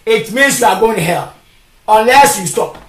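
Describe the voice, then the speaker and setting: A preacher delivering a shouted sermon, firing off repeated rhetorical questions. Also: medium pitch, lively intonation, normal speed. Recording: echoey, from far off.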